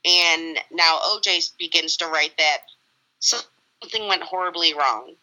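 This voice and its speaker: Woman on a true crime pod, low-ish but really bright sharp voice, blunt about it. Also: a little slow, low-quality recording. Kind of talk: casual true-crime chat.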